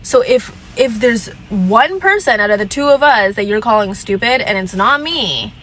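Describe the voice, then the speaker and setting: A woman's voice: a little high, expressive, normal speed, fairly bright tone, slight background noise, rough recording. Sassy young woman giving blunt advice. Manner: sassy, emphatic, fond of repeating lines; drops into mocking voices to quote people. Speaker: vlogger. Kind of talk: casual advice rant.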